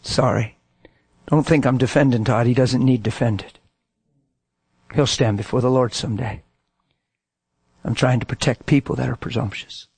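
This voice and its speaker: A man's voice: mid-range voice, gravelly, a little mellow, husky, no room sound. A man preaching a sermon and telling stories in a folksy, emphatic way. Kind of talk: sermon with storytelling.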